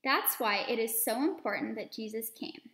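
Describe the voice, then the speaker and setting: Lady reading a storybook to kids, higher voice, stops to explain stuff, echoey room. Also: normal speed, vocal fry. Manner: expressive storytelling, stopping to explain words for kids. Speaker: children's teacher reading a story aloud. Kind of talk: reading a children's story aloud with asides.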